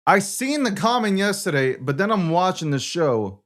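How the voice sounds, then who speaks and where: A man's voice: high voice, big pitch swings, moderate pace, a bit bright. Brash Brooklyn-accented man hosting a show. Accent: Brooklyn New York. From Brooklyn, New York. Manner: brash, swearing, repeats himself, stammering restarts. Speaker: show host. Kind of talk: casual live-stream talk show.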